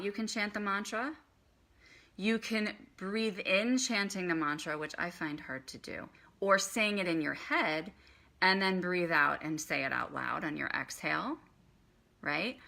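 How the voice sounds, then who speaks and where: A woman's voice: mid-range voice, vocal fry, bright, forceful tone. A woman teaching meditation in a chatty live stream, guiding the listener through breathing and chanting. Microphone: phone.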